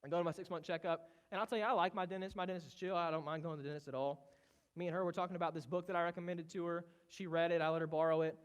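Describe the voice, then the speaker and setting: A man with a hoarse voice from a cold, giving a casual, conversational sermon as pastor. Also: on the high side, steady tone, racing. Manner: casual, conversational preaching with rising intensity. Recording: muffled, with loud guitar behind. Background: worship team playing guitar.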